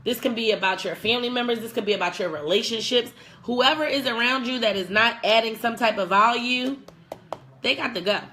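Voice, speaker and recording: A woman's voice: on the high side, a little fast, a little hiss or hum. A young woman hosting a casual advice vlog, talking bluntly with plenty of swearing. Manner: blunt, profane, animated. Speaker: vlog host.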